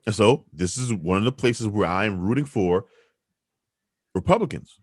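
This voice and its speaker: A man hosting a podcast, arguing his opinions in an emphatic, animated way. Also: lowish voice, moderate pace, no room sound, clean studio sound. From New York City. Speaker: podcast host.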